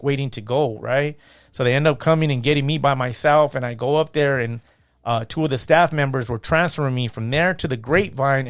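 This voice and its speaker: A man's voice: medium pitch, no echo, clean studio sound. A middle-aged man from California's San Gabriel Valley, a podcast guest telling his own story in casual talk, acting out the voices of people he quotes. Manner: animated storyteller, acts out quoted voices, fillers like "you know what I mean". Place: podcast studio.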